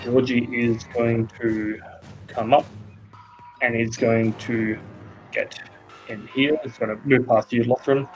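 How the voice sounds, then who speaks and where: A man's voice: medium pitch, slow pace, pauses often, soft background music. Australian man narrating as game master. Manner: relaxed, loose narration with many fillers. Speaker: dungeon master. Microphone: podcast microphone.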